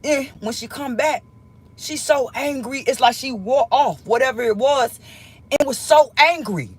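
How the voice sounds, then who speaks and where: A woman's voice: high-pitched, a little slow, breathy edge. A woman talking straight to her viewers, telling a heated story with plenty of swearing and repeating lines for emphasis. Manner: swears freely. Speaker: vlogger.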